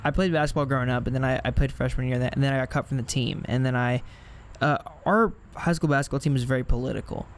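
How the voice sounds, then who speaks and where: A man's voice: medium pitch, fairly even intonation, fast, few pauses, a little hiss or hum. Candid, reflective young male podcast host. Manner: reflective, candid, laughs at himself. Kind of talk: casual chat.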